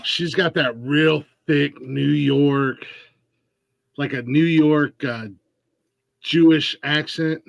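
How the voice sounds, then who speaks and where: A man's voice: a little high, fairly even intonation, takes it slowly, creaky, pauses often, no echo, muffled recording. A man from Ohio hosting a casual podcast interview, rambling with many restarts and fillers. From Ohio, USA. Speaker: podcast host.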